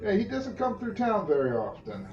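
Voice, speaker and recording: A man's voice: sits high, wildly swooping pitch, darkish tone, voice pushed up. A man voicing a laid-back frontier town sheriff who talks easily and halts with fillers. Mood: relaxed. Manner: easygoing, halting, many fillers. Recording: roomy, distant, dull mic with faint music.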